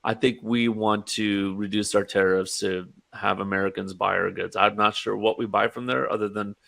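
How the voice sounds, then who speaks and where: A man co-hosts a casual political podcast in a low voice with heavy fry. He speaks in a measured way, softening his points and checking for agreement. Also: little pitch movement. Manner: measured, hedging with "I mean" and "right?". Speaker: podcast co-host.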